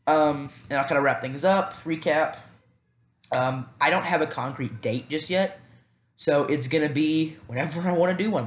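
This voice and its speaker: A young man from the American South with a Southern accent, hosting a solo sports podcast on a cheap headset and talking fast, animated and rambling, with many restarts. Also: a little high, reverberant. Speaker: podcast host. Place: at home by a computer.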